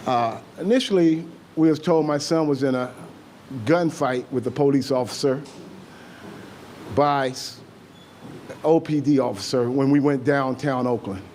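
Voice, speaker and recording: A grieving father giving an emotional public statement at a meeting, halting and repeating himself. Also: medium pitch, a little mellow, slight background noise.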